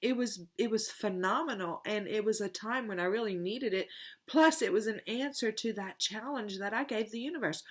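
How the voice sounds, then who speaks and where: A woman's voice: medium pitch, moderate pace. A middle-aged woman, a tarot reader telling a personal story in a rambling, heartfelt, emotional way in a casual spiritual vlog.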